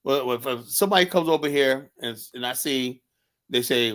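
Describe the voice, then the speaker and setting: A man's voice: medium pitch, normal speed, fairly bright tone. A man arguing his point heatedly in a casual stream discussion, constantly tagging on rhetorical questions. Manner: heated, argumentative, keeps asking "you know?". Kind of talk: casual live-stream debate.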